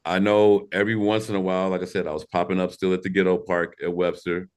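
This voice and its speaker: A man's voice: deep voice, little pitch movement, fast talker, smooth. A man in his forties from St. Louis, telling stories as a podcast guest in a laid-back, slangy, rambling way. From St. Louis, Missouri. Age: 40s. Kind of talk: casual interview storytelling.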